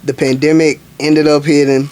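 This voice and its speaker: A young adult man from Alabama, a guest chef telling stories in casual, animated talk full of slang fillers. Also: fairly high pitch, moderate pace. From Montgomery, Alabama, US. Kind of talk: casual storytelling.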